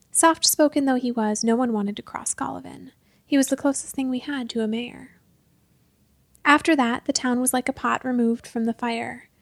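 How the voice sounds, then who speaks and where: A woman narrating a story in the first person, measured and dropping to a hush at tense moments. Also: high-pitched, no room sound.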